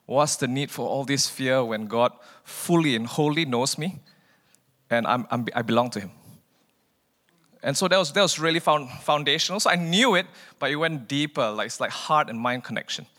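Animated man giving a bright testimony. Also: mid-range voice, moderate pace, big-room sound. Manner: animated storytelling, acts out dialogue. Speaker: speaker sharing testimony. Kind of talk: personal faith testimony.

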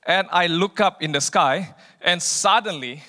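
Animated man giving a bright testimony. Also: high voice, unhurried, long reverb tail. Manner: animated storytelling, acts out dialogue. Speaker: speaker sharing testimony. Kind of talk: personal faith testimony.

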